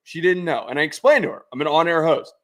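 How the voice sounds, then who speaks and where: A man co-hosting a podcast, telling animated stories in casual chat and swearing freely. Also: on the high side, fast. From United States. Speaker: podcast co-host.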